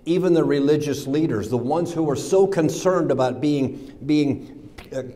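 Speaking at a normal speed, an American pastor delivers a sermon that includes scripture reading. He mocks the scoffers' jeers in a sneering voice, then goes quiet and low when voicing Jesus.

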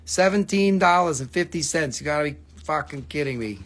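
A man runs a live-stream sale with joking, profane patter. His voice sits a little high for a man, and he keeps up a quick, loose banter as he calls out the items. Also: animated, fairly bright tone. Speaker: host selling crystals. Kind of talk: live-stream sales chat.

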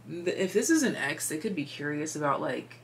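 Low-voiced chatty woman tarot reader. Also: big pitch swings, fairly quick, slight background noise. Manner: chatty, meandering, filler-heavy, drops into whispers. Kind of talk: casual tarot reading.

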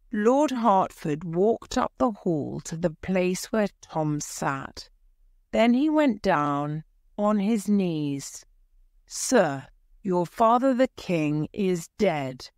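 Woman narrator, graded reader audiobook, slightly low, very slow and careful. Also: smooth, dry recording, studio quality. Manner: slow, careful reading with raised voices for shouted lines.

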